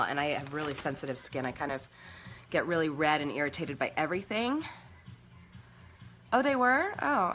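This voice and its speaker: A woman's voice: lowish voice, bright, forceful tone. A woman hosting a casual live makeup stream from home, chatty and bubbly as she talks to her viewers. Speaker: makeup livestream host.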